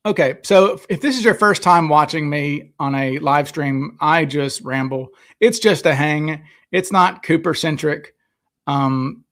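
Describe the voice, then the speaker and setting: On a live stream, a man with a somewhat high, slightly bright voice chats casually and rambles. He reads viewers' comments and answers them into a desk microphone, which he sometimes crowds too closely.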